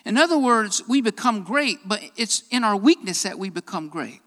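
Preacher, emphatic sermon delivery, bright forceful tone, recorded with long reverb in a large hall. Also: mid-range voice, lively intonation, normal speed. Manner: emphatic, builds to raised fervent passages; repeats phrases for emphasis.

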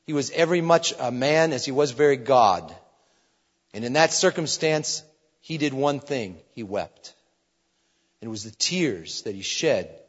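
A man preaching a sermon, swinging between loud exhortation and hushed, earnest pleading. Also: medium pitch, husky. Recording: dull, slightly lo-fi sound with long reverb.

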